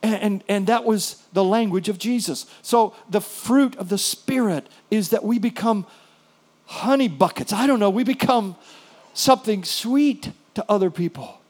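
A man preaching a sermon as a pastor, telling a story with hushed, soft passages and sudden louder bursts. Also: high voice, a little slow.

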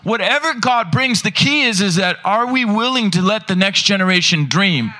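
High, bright-voiced preaching man. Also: moderate pace, slight background noise. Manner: animated preaching, rhetorical questions to the congregation. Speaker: pastor. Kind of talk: sermon. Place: church.

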